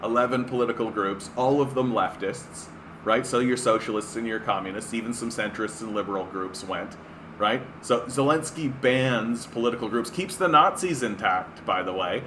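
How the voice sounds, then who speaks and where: Reading an article on his political commentary stream, this Canadian man, with a mid-range, slightly bright voice at normal speed, veers off into sarcastic, cursing rants and leans heavily on "right?". There's a little hiss or hum in the audio.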